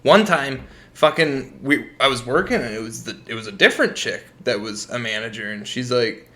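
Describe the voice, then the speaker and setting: A man's voice: medium pitch, fairly quick, bright, forceful tone, a little hiss or hum. A young American man co-hosting a podcast, telling profane work stories in casual chat and laughing often. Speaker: podcast co-host.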